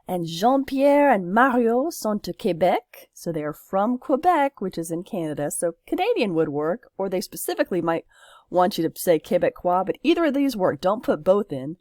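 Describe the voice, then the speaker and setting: Woman teacher, lowish voice, patient step-by-step explainer, dry close mic. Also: big pitch swings, moderate pace, darkish tone, no echo. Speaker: French teacher. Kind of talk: recorded classroom lesson.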